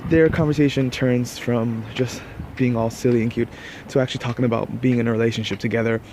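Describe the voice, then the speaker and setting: A man's voice: medium pitch, fairly even intonation, fast, a little mellow, a little hiss or hum. A man casually telling a long personal story, rambling and restarting his sentences, now and then laughing at himself. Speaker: vlogger.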